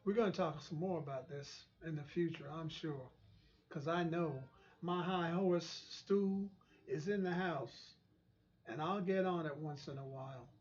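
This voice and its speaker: A man's voice: a little high, measured pace, muffled recording. A man hosting his own channel, delivering an impassioned, preachy commentary and repeating phrases for emphasis. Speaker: channel host.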